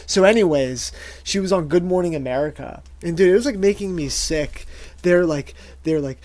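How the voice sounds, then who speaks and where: A man's voice: high-pitched, normal speed, a little mellow. A man co-hosting a podcast, chatting casually, swearing and laughing often. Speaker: podcast co-host. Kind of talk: casual chat.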